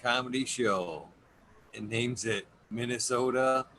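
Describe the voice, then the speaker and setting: A man's voice: mid-range voice, slow, bright, forceful tone, a little hiss or hum. A man hosting a casual podcast chat, joking, swearing freely and laughing often. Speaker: podcast host.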